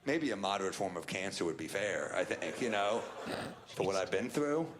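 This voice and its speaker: A male stand-up comedian telling a sardonic, deadpan story to a live audience. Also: deep voice, moderate pace, noisy background. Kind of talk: stand-up routine.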